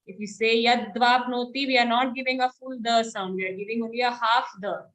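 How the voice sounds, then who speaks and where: A woman teaching verse recitation online, chanting lines slowly and then correcting pronunciation briskly. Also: on the high side, fairly even intonation, fairly bright tone.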